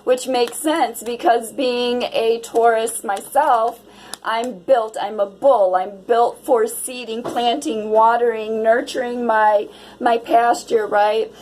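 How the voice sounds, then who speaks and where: A woman's voice: fairly high pitch, steady tone, slow pace, darkish tone, slight background noise, rough recording. A woman giving a casual tarot reading to her viewers, dreamy and exclamatory. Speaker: tarot reader.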